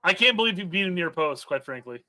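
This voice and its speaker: A man's voice: sits high, animated, fast talker, bright, forceful tone. A man co-hosting a live soccer watch-along stream, chatting about the plays and reading viewer comments aloud. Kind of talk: casual live match watch-along chat.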